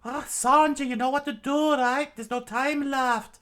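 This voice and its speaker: A man voicing a determined young princess in a strained, very high falsetto, reading a comic aloud. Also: steady tone, measured pace, a bit bright. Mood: urgent.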